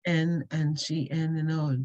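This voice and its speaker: Mellow, low-voiced woman teaching a lesson. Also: flat delivery, unhurried, dull audio. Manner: step-by-step, repeats key points. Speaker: language teacher. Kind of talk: explanatory lecture.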